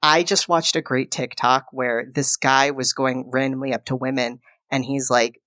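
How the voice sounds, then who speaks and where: A woman with a notably low voice chats through a movie plot for a podcast. She jumps into the characters' lines as she goes, and the sound is close and dry with no room echo. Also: normal speed. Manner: animated retelling, acting out characters' lines. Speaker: podcast co-host. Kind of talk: casual film recap.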